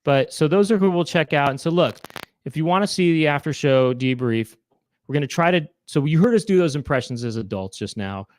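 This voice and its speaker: A man's voice: a little high, expressive, a little fast, a little mellow, no room sound, clean studio sound. A man hosting a casual live online chat show, rambling and correcting himself as he explains how to join. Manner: rambling, self-correcting, breaks into silly impressions. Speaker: show host.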